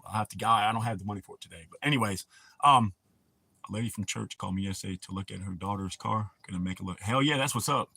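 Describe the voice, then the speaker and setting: A man's voice: lowish voice, fast, creaky, sharp tone, breathy edge, dry recording. Swearing man on a livestream. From United States. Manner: crude, swearing, rambling. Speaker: livestream host. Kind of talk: casual livestream chat.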